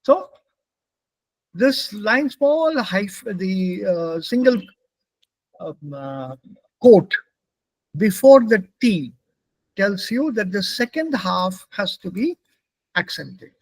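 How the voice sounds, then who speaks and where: A man's voice: high voice, animated, takes it slowly, pauses often, no echo, poor audio. A man from India with an Indian English accent, teaching a German pronunciation class and patiently repeating words for his students.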